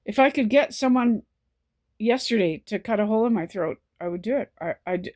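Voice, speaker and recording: With a mid-range voice that's a little mellow, a woman speaks to camera for her personal vlog. She hasn't slept, is near tears, and her words come haltingly and repetitively.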